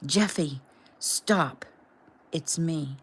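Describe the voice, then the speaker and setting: A woman reading the lines of a calm, firm male rescuer in a low, steady voice. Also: drawn-out words, breathy edge, exaggerated voice.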